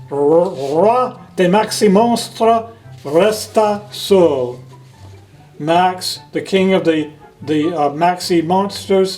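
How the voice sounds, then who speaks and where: Man, high-pitched, unhurried storytime reader who explains the pictures to kids. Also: low-quality recording. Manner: gentle, explains the pictures to children; reads each passage in French then in English. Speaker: library director reading a picture book. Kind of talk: children's storytime read-aloud.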